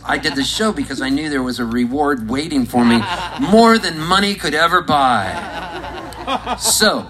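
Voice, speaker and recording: A man performing live, telling a rambling, deadpan story to an audience and breaking into laughs now and then. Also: mid-range voice, poor audio. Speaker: musician and comedian on stage. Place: stage at a live show. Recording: live recording with loud crowd. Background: audience laughing, guitar.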